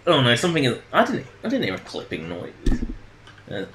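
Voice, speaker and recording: Rambling jokey guy streaming a game, bright voice in an echoey room. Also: mid-range voice, wildly swooping pitch, brisk, slight background noise. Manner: rambling, jokey, laughs at his own jokes. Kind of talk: casual gameplay commentary.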